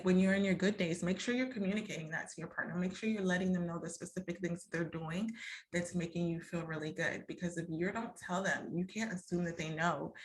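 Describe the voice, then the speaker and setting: A woman hosting a podcast, giving relationship advice in a candid, conversational way and acting out the lines she quotes. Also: on the low side. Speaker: podcast host and relationship coach. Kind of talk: casual advice talk.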